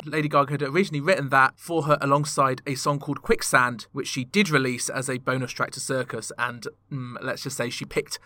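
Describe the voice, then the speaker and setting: Bright-voiced, wry man hosting a pop podcast. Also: medium pitch, little pitch movement, a little fast, few pauses, soft background music. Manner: chatty, wry asides. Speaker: podcast host. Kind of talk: casual music podcast commentary.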